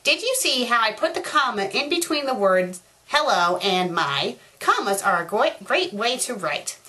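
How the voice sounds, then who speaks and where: A prim, fussy cartoon boy lecturing on grammar, read aloud by a woman. The voice is fairly high, bright and bouncy, and it carries a teacherly patience. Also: big pitch swings, moderate pace. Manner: prim, instructive reading.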